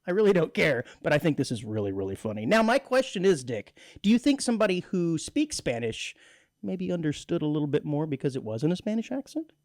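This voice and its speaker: Joking, lively-voiced radio host. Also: male voice, high voice, no echo, clean studio sound. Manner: jokey, laughs often, animated and chatty. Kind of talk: casual radio banter. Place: radio studio.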